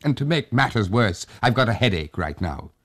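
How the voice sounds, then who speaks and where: A man's voice: mid-range voice, big pitch swings, moderate pace, a bit bright, husky, pitched above the performer's own voice. A man voicing a frightened, irritable grown woman in a read-aloud story, complaining sharply. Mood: irritated.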